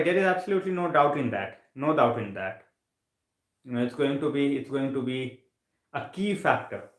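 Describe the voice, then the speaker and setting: A man's voice: mid-range voice, roomy sound, rough recording. A sleepy man hosting a late-night live stream, chatting casually, yawning, full of fillers and repeated phrases. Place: home room, late at night.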